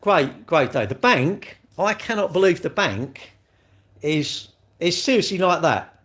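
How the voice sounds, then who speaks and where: A man's voice: fairly high pitch, animated, unhurried, fairly bright tone. Chatty sweary man in his sixties. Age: 60s. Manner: chatty, blunt and sweary, calls viewers mate. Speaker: livestream host. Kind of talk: casual chat reading live comments.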